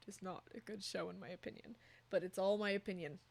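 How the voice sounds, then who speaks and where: A woman's voice: mid-range voice, fairly even intonation, fast, creaky. A young woman streaming, chatting casually with her viewers and cooing over her cat. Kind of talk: casual chat with chat.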